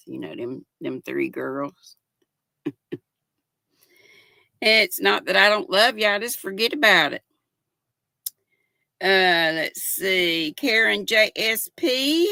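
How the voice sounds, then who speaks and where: A woman's voice: lowish voice, lively intonation, takes it slowly, creaky, pauses often, bright, forceful tone, dry recording. An older woman with a Southern US accent, chatting casually on a livestream, reading out viewer comments and greeting them by name in a folksy way. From United States. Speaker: livestream host. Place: home.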